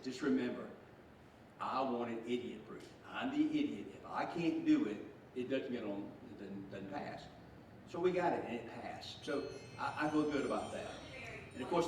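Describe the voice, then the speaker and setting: A man's voice: medium pitch, a little hiss or hum. A man in his sixties with a Southern US accent, giving a speech to a group as a state official. He tells stories in a folksy, joking way. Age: 60s. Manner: folksy storyteller, joking, chuckling. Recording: echoey room from far off.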